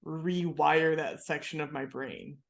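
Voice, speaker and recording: A woman co-hosts a podcast in relaxed, chatty talk. She swears without a second thought and laughs often while recapping an episode. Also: sits low, slow pace, gravelly. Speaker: podcast co-host. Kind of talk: casual chat recapping a TV episode.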